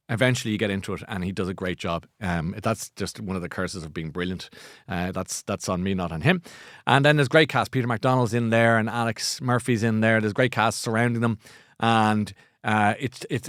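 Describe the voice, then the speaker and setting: A man's voice: mid-range voice, fairly bright tone, dry recording. Rambling Irish man, dry studio sound. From Ireland. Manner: rambling, self-mocking, jokey. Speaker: podcast host. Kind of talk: casual chat.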